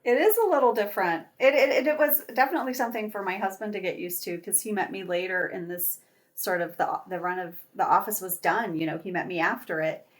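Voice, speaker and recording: A middle-aged woman and actress chatting as an interview guest, telling stories in a bubbly, animated way. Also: mid-range voice, fast. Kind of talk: casual interview chat.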